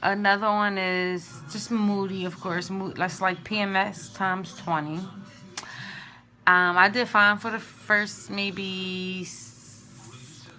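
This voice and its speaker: Chatty woman with a bright voice. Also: mid-range voice, little pitch movement, slow. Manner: chatty, candid and emotional. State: drained and low on energy. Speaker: vlogger sharing IVF updates. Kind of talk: casual vlog.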